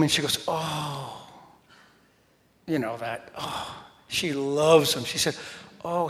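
A man preaching a sermon, telling animated stories, talking straight to the congregation and dropping to a whisper for emphasis. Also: on the high side. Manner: animated storytelling, talks to the congregation directly. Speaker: pastor. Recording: long reverb in a large hall.

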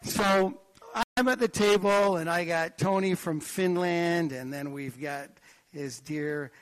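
A man preaching a sermon in a church, telling stories in an animated, joking way. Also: a little high, takes it slowly. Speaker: pastor. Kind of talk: sermon with anecdotes.

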